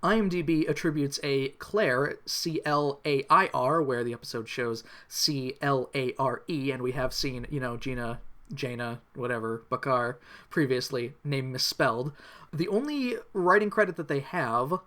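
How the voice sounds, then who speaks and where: A man's voice: mid-range voice, moderate pace, a bit bright. A man co-hosting a podcast, recapping a cartoon in casual chat, wry and jokey with rambling asides. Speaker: podcast co-host.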